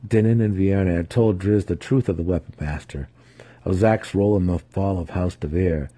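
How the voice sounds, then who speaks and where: A man narrates a fantasy novel as a dramatic reading. His voice sits low and dark, with a husky, slightly rough grain. He keeps a steady, measured storytelling pace. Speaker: audiobook reader.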